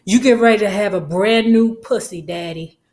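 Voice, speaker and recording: A woman voicing a glamorous, scheming house mother who speaks low and seductively. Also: moderate pace, a little mellow, close to an everyday voice. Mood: sultry.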